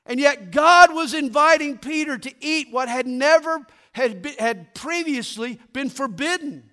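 A man preaching a sermon, telling stories with humor and dropping low and quiet for his punchlines. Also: a little slow. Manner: animated storytelling, drops to quiet for punchlines.

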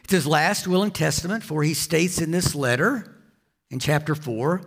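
A man's voice: fairly high pitch, normal speed, gravelly, a bit bright, breathy edge. A man preaching a sermon as a pastor, telling a personal story with frequent repeats and restarts.

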